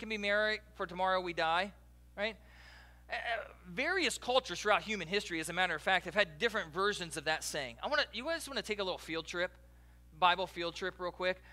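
A man preaching a sermon as a pastor, joking and talking directly to the congregation in a lively, conversational way. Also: high voice. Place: church.

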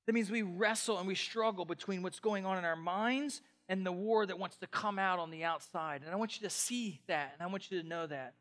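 A pastor preaching a conversational sermon, dropping to quiet asides and building to excited, loud passages. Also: male voice, high voice, fairly quick, few pauses.

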